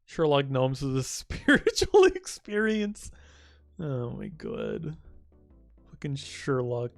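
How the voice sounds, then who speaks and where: A man's voice: medium pitch, huge pitch swings, slow pace, gravelly, dry recording, clean studio sound, faint music behind. A young man streaming live, chatting casually, teasing and swearing as he rambles.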